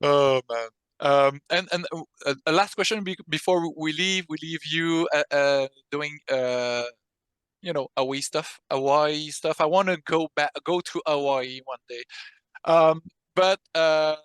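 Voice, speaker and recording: A man's voice: fairly high pitch, unhurried, fairly bright tone, smooth, no echo. A man with a French accent interviewing an actor, eager and stumbling over his words with many fillers. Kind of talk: fan interview questions.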